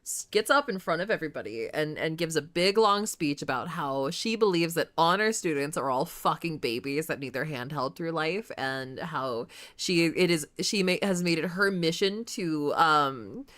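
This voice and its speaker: A woman's voice: sits low, normal speed, hardly any pauses. A young woman streamer chatting casually, swearing freely and reacting with energy. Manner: swears a lot, lively reactions. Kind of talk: casual chat.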